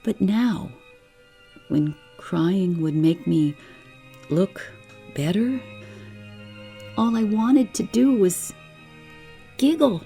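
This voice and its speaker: A woman reading a bedtime story aloud in a soft, soothing, unhurried way. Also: medium pitch, creaky, faint music behind.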